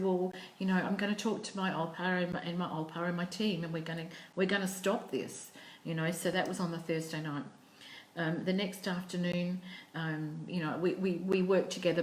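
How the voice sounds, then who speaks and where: Woman, Australian accent, low-pitched, echoey room, animated personal storytelling. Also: a little hiss or hum. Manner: animated storyteller who acts out quoted speech with repeated restarts. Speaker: psychic medium.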